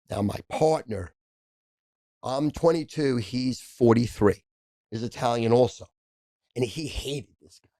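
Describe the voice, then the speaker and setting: Gravelly older man telling raunchy stories. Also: mid-range voice, mellow, no room sound, studio quality. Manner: profane, rapid-fire anecdotes. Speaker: podcast guest. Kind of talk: casual storytelling.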